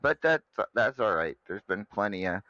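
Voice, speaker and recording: A man's voice: on the low side, sing-song, moderate pace, sharp tone, lo-fi sound. A man hosting a casual chat, stammering and restarting his sentences as he goes. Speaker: show host.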